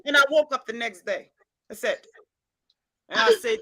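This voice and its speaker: A woman hosting a casual chat, a loud and animated storyteller. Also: high voice, moderate pace, no echo. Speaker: host.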